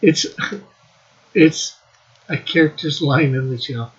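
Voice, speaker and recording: A man's voice: fairly high pitch, slow pace, breathy edge, dull audio. A man hosting a casual live stream, playful, laughing often and trying out mock accents. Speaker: comics show host.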